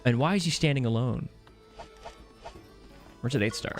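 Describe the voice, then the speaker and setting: A man's voice: medium pitch, expressive, normal speed, soft background music. A man streaming a video game live, chatting playfully and joking with his viewers. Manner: playful, joking, reacts to chat. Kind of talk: casual live gameplay commentary.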